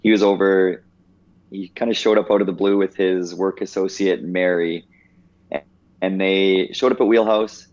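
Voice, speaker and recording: Deep-voiced man in his thirties, reflective. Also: steady tone, moderate pace, a little mellow, muffled recording. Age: 30s. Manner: reflective, heavy use of "like". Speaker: podcast guest. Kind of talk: casual storytelling.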